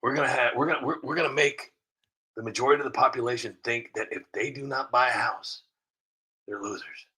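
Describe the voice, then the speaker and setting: A man voicing a scheming male government bigwig who drops into a conspiratorial hush. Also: mid-range voice, fairly even intonation, brisk, slightly rough, rough recording. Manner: conspiratorial, drops to a hushed whisper.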